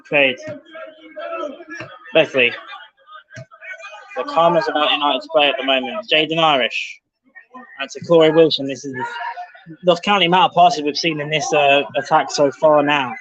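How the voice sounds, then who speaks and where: A man's voice: fairly high pitch, steady tone, moderate pace, long pauses, crowd noise. A man doing live play-by-play football commentary for a club stream, calling out player names and lifting his voice with the action. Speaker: match commentator for the club's livestream. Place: outdoor football ground under floodlights. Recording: dull lo-fi livestream audio.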